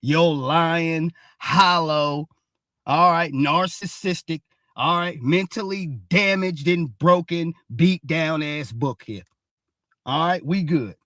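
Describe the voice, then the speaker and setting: A man's voice: a little high, slow pace, sharp tone, no room sound, clean studio sound. A man hosting a ranting commentary show, heated and mocking, cursing and repeating "all right?" again and again. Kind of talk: ranting commentary on social media posts.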